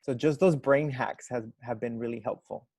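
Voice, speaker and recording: A man's voice: mid-range voice, steady tone, normal speed, a little mellow, husky, dry recording. Earnest man explaining classroom practice. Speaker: teacher. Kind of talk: online panel discussion.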